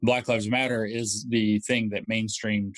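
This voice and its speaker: A man's voice: lowish voice, level tone, a little slow, no echo. A man speaking as a podcast guest, explaining ideas thoughtfully with frequent fillers. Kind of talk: casual conversational podcast.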